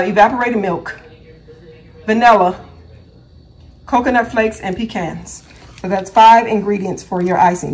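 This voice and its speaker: A woman hosting her own cooking channel from a home kitchen. She chats casually as she works, rambling, stumbling over her words and correcting herself. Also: medium pitch. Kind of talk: casual cooking vlog chat.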